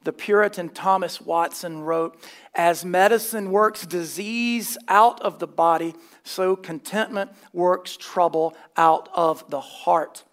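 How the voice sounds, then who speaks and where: A man's voice: high voice, slow pace, fairly bright tone. A man preaching a sermon, emphatic and dryly scornful, mixing plain teaching with wry asides. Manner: emphatic, scornful of false teaching, dry humor.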